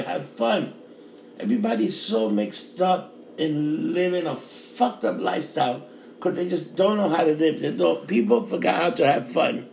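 Gravelly New York man ranting hard. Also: fairly high pitch, darkish tone. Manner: fiery, profane, repetitive ranting. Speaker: bar worker. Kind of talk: ranting monologue. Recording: roomy with faint background noise.

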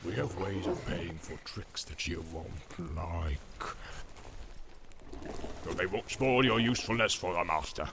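A man voicing a brutal, commanding orc captain with a gravelly, growling voice, barking orders in an audiobook. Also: deep voice, a little slow, background noise, pitched below the performer's own voice. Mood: menacing. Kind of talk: audiobook character voice.

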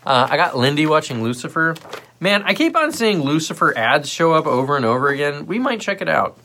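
A man's voice: on the high side, a little fast. A man hosting a livestream, talking casually and rambling with lots of fillers and asides. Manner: puts on lively voices when quoting others. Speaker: livestream host.

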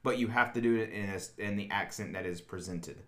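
A man's voice: on the low side, fast talker. A man co-hosting a casual couple's chat, easygoing and explaining things with lots of fillers. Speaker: co-host.

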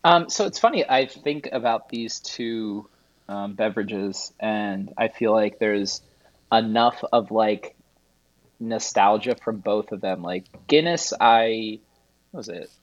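A man's voice: on the low side, takes it slowly, no room sound, lo-fi sound. A man telling rambling stories in a casual podcast chat as a guest, laughing at his own tales.

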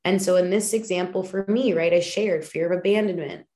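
A woman's voice: lowish voice, steady tone, brisk, dark tone. A woman hosting a podcast, talking candidly and emphatically about her own feelings, with casual swearing and frequent fillers. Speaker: podcast host. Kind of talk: personal reflective monologue.

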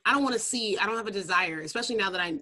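Woman, podcast co-host, blunt, animated, bright tone. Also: mid-range voice, very fast. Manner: blunt, animated, quotes people in voices. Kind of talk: casual chat.

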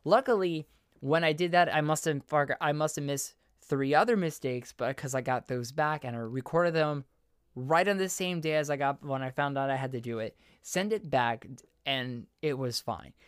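On his own podcast, a man who also does voiceover work delivers a casual solo monologue, speaking earnestly and rambling as he corrects himself mid-sentence. His voice is a little high and smooth, at a moderate pace. The recording is dry, with clean studio sound.

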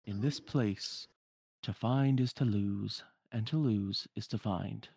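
A man voicing a calm, mysterious hooded stranger who speaks in slow riddles. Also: lowish voice, gravelly, slightly rough, no room sound, studio quality, heavily acted. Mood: cryptic. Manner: slow, measured riddling speech.

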